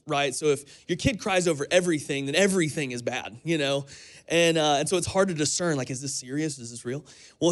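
A man preaching a sermon as pastor, telling stories in a conversational way with frequent restarts. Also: a little high. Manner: conversational storytelling with repeated restarts.

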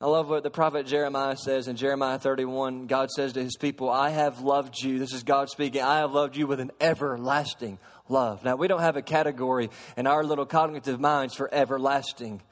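A man preaching a sermon to a congregation, shifting from soft explaining to loud, emphatic preaching and asking them questions. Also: medium pitch, fairly even intonation, brisk, few pauses. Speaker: pastor. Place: church sanctuary. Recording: long hall reverb.

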